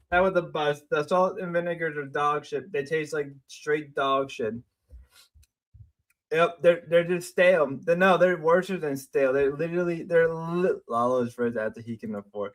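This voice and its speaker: A young man streaming casual commentary, rambling and swearing, repeating himself and swinging between mumbling and loud outbursts. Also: fairly high pitch, normal speed.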